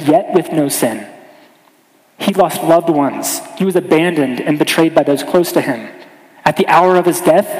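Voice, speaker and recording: A man with a fairly high voice preaches a sermon, earnest and deliberate, easing down and going quiet on the lines that matter most. His voice rings through a roomy hall with a long, trailing reverb. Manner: earnest, slows and softens on key lines.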